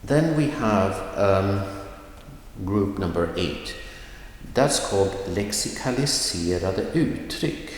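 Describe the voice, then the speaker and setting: A Swedish man teaching a language lesson, slowly modeling phrases with clear stress. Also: lowish voice, lively intonation, slight background noise. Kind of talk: recorded video lesson. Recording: echoey room with long reverb.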